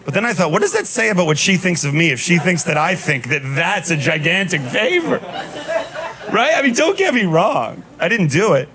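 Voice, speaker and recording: A man in his thirties doing a stand-up comedy set on a club stage, telling stories in a deadpan way with punchy asides. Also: high voice, normal speed, a crowd in the background. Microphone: handheld stage mic. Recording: live club recording with noise. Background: audience laughter.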